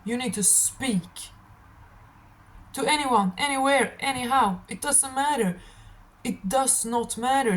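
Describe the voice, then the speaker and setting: A woman with a hoarse, tired throat giving a rambling, emphatic tarot reading to camera, repeating affirmations. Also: a little high, unhurried, low-quality recording. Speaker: tarot reader.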